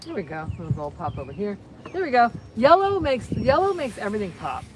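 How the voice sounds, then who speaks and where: A woman runs a live crafting session, chatting cheerfully to viewers while she works in a fast, sing-song, mid-range voice. She rambles and repeats phrases often, with background noise behind her.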